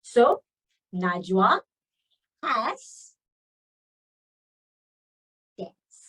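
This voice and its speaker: Malaysian woman, grammar teacher, high bouncy voice, a little off-mic. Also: very animated, very slow, pushed and bright, breathy edge, far from the mic, poor audio. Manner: chatty, coaxing, stretches key words. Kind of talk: grammar lesson mixing English and Malay.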